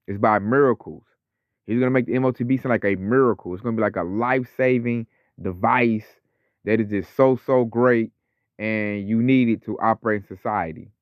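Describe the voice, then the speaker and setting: A man's voice: on the low side, no room sound, phone-quality sound. A man teaching scripture in a casual, conversational way, slipping into slang and acting out other people's voices. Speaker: religious teacher.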